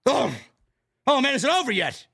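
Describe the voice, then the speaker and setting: A man ranting on a stream with a high voice that swings widely up and down. He is profane and exasperated, and he mocks people in sarcastic put-on tones. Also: very animated, moderate pace, creaky, a bit bright. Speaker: wrestling commentary host.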